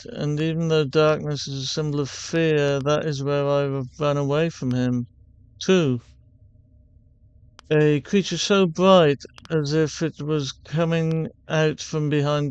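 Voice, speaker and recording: Casting: a man playing a fearful male patient, with a put-on Russian accent and a slow, grave delivery. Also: a little high, smooth, no room sound, dull audio. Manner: solemn, slow reading of a diary note.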